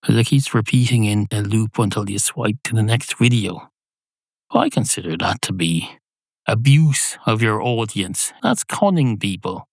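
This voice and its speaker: Male podcast host, low voice, deadpan rambling comedy, dry close sound. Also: normal speed, no echo. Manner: digressive, deadpan, self-mocking. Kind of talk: rambling comic monologue.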